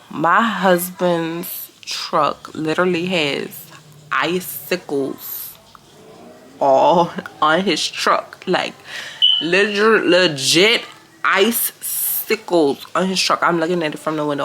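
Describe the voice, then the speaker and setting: A woman chatting excitedly to camera as a vlogger, gushing and repeating phrases. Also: low voice, a little hiss or hum. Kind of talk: casual vlog chat.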